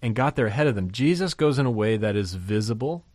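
A man's voice: lowish voice, animated, fast talker, a little mellow, dry recording. A man teaching from the Bible in a conversational way, reading verses aloud and asking the listeners rhetorical questions with enthusiasm. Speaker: pastor.

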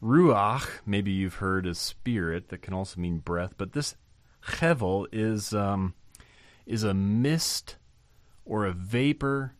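A man's voice: fairly low pitch, expressive, takes it slowly, no echo. A man giving an informal Bible lesson, thinking aloud with fillers and restarts and rising to emphasize key points. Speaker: Bible teacher.

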